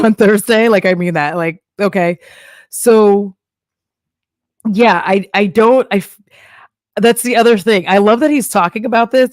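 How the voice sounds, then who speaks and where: A young woman from Texas chats casually on her live stream, breaking into laughter and playful put-on voices. Her pitch sits in an ordinary middle range. The sound is dry and close, with no room echo. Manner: chatty, laughs often, acts out voices of banks and apps. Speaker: streamer reacting to a video.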